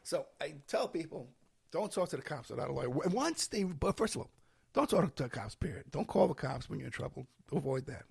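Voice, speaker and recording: Podcast guest, male, hoarse and husky, gravelly edge, animated storyteller. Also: a little high, brisk, no echo, clean studio sound. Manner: animated, acts out quoted voices. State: hoarse, losing his voice. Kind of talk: casual storytelling and advice.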